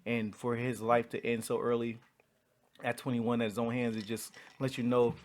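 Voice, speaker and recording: A man's voice: medium pitch, level tone, moderate pace, slight background noise. A man co-hosting a podcast, talking bluntly and swearing in casual chat. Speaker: podcast co-host.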